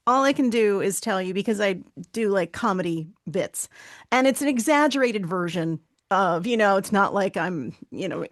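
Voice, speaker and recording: A woman hosts an interview podcast in an animated mid-range voice at normal speed, recorded dry with clean studio sound. She chats casually and encourages her guest, laughing and backchanneling often throughout the conversation.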